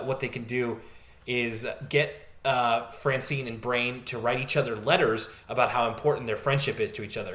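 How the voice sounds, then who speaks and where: A man's voice: mid-range voice, a bit bright, echoey room. A man co-hosting a podcast in casual chat, rambling with lots of fillers and laughing easily. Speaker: podcast co-host.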